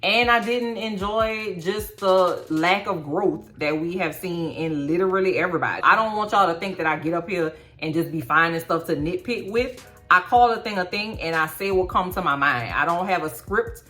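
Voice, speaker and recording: Sassy, loud New woman recapping TV. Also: fairly low pitch, normal speed, soft background music. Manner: sassy, animated, often yelling with emphasis. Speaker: TV recap vlogger. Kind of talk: casual TV recap commentary. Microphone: phone.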